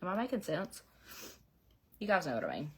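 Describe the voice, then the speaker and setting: A woman's voice: fairly low pitch, wildly swooping pitch, fairly quick, creaky, slightly rough. A middle-aged woman with a Southern Georgia accent, chatting casually and rambling with frequent laughs while doing her makeup at home. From Southeast Georgia, USA. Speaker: beauty vlogger. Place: her home beauty room, indoors.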